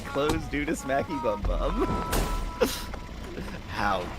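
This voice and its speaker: A man joining a game stream as a guest, giving tips and chuckling between halting remarks. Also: medium pitch, very animated. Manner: chuckling, hesitant with fillers. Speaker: guest co-commentator. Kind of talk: casual gameplay chat. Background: game music.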